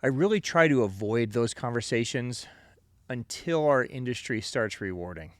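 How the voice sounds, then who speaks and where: A man co-hosting a casual podcast, talking things through in a loose, rambling way and dropping "you know" into nearly every thought. His voice is mid-pitched. It is recorded dry and close, with no room sound. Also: expressive, normal speed, no echo. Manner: rambling, opinionated, full of "you know" and "right?". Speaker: podcast co-host.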